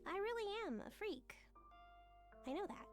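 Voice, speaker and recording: A woman voicing a sick, self-loathing teenage girl from a visual novel, speaking quietly and apologetically. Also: extremely high pitch, sing-song, moderate pace, soft background music, pitched above the performer's own voice.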